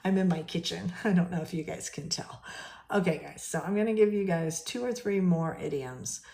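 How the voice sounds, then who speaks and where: A woman's voice: on the low side, moderate pace, gravelly, warm tone. A woman, an English professor giving a chatty live-streamed lesson from her home kitchen, often asking viewers questions. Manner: chatty, asks viewers questions, many fillers and restarts. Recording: echoey kitchen.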